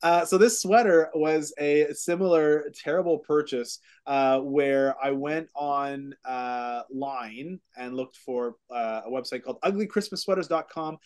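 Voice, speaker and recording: A man's voice: on the high side, unhurried, few pauses, darkish tone. A man hosting a casual real estate podcast, speaking in a voice that sits a little above the usual male range. He tells stories in a rambling, self-mocking way, full of "uh" and restarts, into a studio microphone. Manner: rambling self-mocking storyteller, many fillers.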